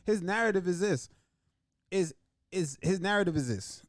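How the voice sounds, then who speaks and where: A man's voice: high-pitched, animated, normal speed, no echo, studio quality. A man co-hosting a casual sports chat, who acts out fighters' lines and says "bro" a lot. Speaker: podcast co-host.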